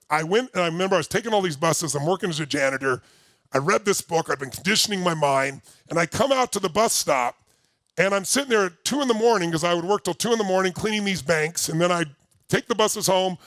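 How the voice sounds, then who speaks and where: Older male workshop speaker, animated storyteller, dry close recording. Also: high-pitched, vocal fry, no echo. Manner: energetic storytelling, shouts repeated phrases. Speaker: motivational speaker. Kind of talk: workshop talk to a live audience.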